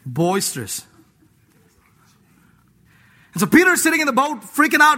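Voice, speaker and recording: A male preacher giving an animated, playful sermon, acting out voices, laughing and mixing scripture with casual slang. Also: very high-pitched, measured pace, long pauses. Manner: mixes scripture with slang like "dude".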